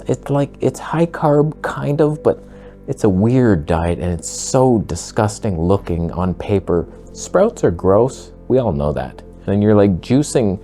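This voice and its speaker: A man speaks in a deep, mellow voice that swings widely up and down as he rants to his viewers. His delivery is blunt and sarcastic, and he gets excited easily, like a casual monologue to camera. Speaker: vlogger.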